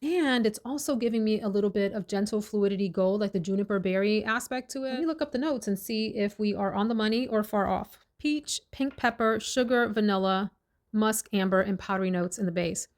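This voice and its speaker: A woman chatting casually in a fragrance review vlog, enthusiastic and talkative, dwelling on each scent note. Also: mid-range voice. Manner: chatty, enthusiastic, lists scent notes slowly.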